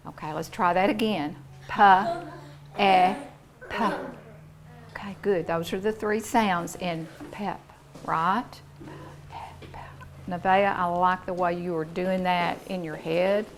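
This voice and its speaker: A woman teacher leading a classroom phonics lesson, encouraging and deliberate, sounding out words for young pupils in a classroom. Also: lowish voice, a little hiss or hum.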